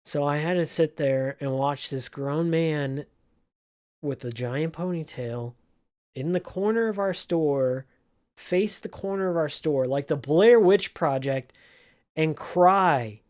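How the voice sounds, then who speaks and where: A man's voice: fairly high pitch, a little mellow. A man telling an emotional story from his old job in a casual vlog, in an earnest, heartfelt way. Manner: slow, earnest, emotional retelling. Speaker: vlogger, former game store clerk.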